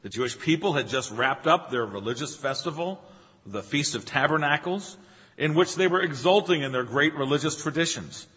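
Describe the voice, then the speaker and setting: A man delivers an earnest, emphatic sermon, his husky voice climbing on the phrases he stresses. The sound is muffled and lo-fi, and each word rings on in a long church-hall reverb. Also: fairly high pitch, animated, normal speed, fairly bright tone. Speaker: preacher.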